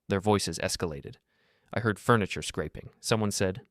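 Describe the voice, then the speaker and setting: A middle-aged man narrating a first-person story in a steady, grave, measured way. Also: low voice, no room sound, studio quality.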